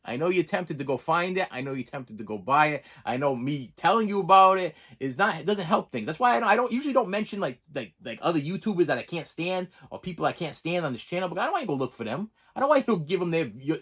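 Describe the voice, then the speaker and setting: A man's voice: a little high, fast talker, hardly any pauses, husky. A man giving a casual, rambling movie review, repeating himself and chuckling as he goes. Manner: animated, rambling, repeats words, laughs often.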